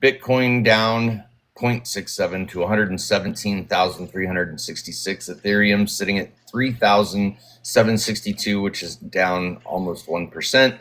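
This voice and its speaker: A man giving a brisk, matter-of-fact market rundown on a live stream, with dry asides. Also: lowish voice, a bit bright. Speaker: market report regular.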